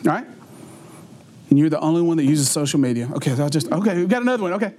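A middle-aged youth pastor tells funny stories to teenagers in a slightly high, very fast voice. He's animated, laughing often mid-sentence and acting out what people said.

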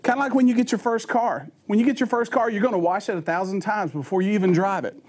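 Brief: male preacher, sermon with homespun stories, high-pitched voice. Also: fast talker, a little mellow, slightly rough. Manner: folksy storytelling, conversational.

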